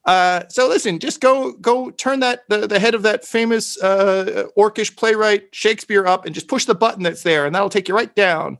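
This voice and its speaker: A man voicing a nervous male doorkeeper who stammers out hurried secret directions. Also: sits high, fairly bright tone, pitched above the performer's own voice. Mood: conspiratorial.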